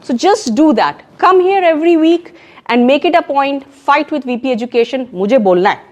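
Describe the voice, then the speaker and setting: A woman with a Pakistani accent giving an emphatic, animated talk on public speaking at a club meeting. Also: high voice, fast talker. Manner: emphatic and animated, mixing in Urdu phrases. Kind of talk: education session talk. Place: meeting room in a co-working space.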